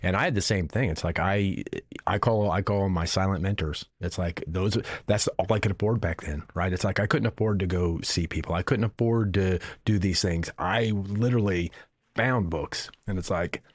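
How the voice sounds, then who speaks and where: A man's voice: deep voice, normal speed, no room sound. A man hosting a podcast interview, enthusiastic and reflective, rambling a little as he talks. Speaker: podcast host. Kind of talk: casual interview conversation.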